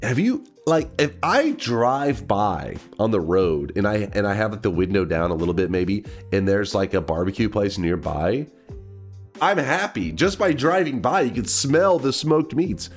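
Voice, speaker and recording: A man's voice: fairly low pitch, very animated, measured pace, soft background music. A man from Texas, a game streamer with a stuffed-up nose, chatting casually on a livestream in a rambling, swearing way. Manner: rambling, swearing, laughing to himself.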